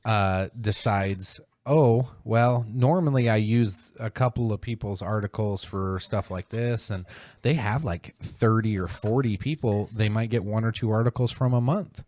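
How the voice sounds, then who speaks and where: A man's voice: measured pace, darkish tone, no room sound. Profane ranting man, dry close mic. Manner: profane, heated, mocking mimicry in high voice. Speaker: podcast host. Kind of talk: casual political rant.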